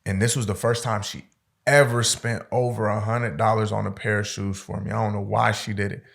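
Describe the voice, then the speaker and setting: Man, from Stockton California, low voice, casual profane storytelling. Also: a little fast, vocal fry. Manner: profane, slangy, animated storyteller. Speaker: podcast guest.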